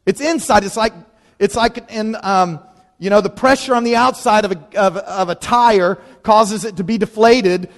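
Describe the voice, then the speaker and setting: High-voiced preacher in an echoing hall. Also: male voice. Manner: lively, conversational, leans on dramatic pauses. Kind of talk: sermon. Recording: long reverb of a large hall.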